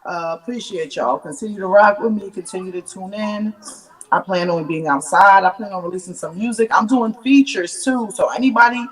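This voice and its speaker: A woman's voice: mid-range voice, normal speed. A woman who is a battle rapper, speaking as a guest in a casual interview. She has a laid-back manner and laughs easily. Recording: distant mic with faint noise.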